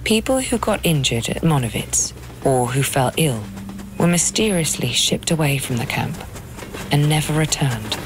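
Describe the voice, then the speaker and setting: Grave low-voiced woman narrating. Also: animated, noisy background. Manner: measured, grave. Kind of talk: scripted documentary narration.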